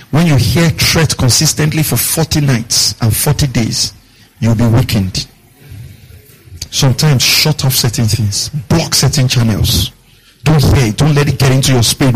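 A pastor preaches with a husky voice on a low-quality recording, posing questions to his congregation and repeating key lines. He acts out the people in his stories, jumping widely in pitch for their quoted voices.

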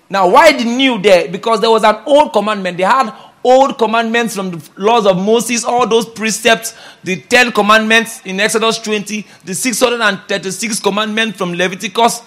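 A high-pitched man delivers an emphatic sermon. He repeats his key points and lifts his voice loudly whenever he reads scripture aloud. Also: normal speed. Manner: emphatic, repeats key phrases, rises loud for scripture readings. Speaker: pastor.

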